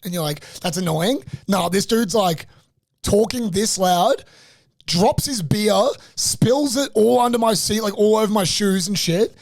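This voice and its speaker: A man's voice: high voice, normal speed, no room sound, clean studio sound. A young man, ranting through a funny story on a casual podcast, swearing constantly. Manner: animated, profane ranting storyteller. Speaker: podcast co-host.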